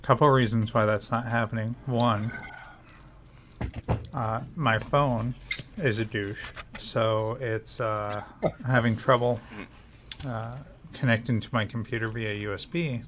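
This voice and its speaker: A man's voice: mid-range voice, fairly even intonation, measured pace, long pauses, noisy background. A man chatting on a casual stream, giving wry, rambling explanations. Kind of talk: casual chat.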